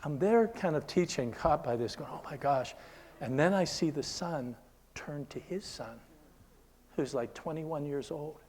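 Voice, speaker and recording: Older male preacher, fairly high voice, earnest seminar teaching, keeps checking in with the room. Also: lively intonation, measured pace. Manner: earnest, checks in with listeners often; drops to a hushed whisper when telling stories. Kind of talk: conversational sermon teaching.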